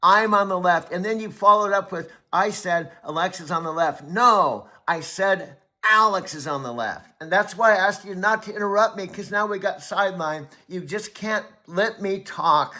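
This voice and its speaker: A man, host and self-described coach, talks insistently and keeps repeating himself to make his point. His voice sits a little high and sounds bright and forceful. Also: normal speed, hardly any pauses. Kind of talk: casual heated conversation.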